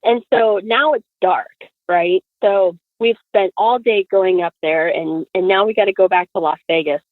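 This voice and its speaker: A woman guest telling a story in an animated, chatty way, full of fillers and acted-out quotes, heard over a tinny phone line. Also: mid-range voice, normal speed, no room sound. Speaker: podcast guest.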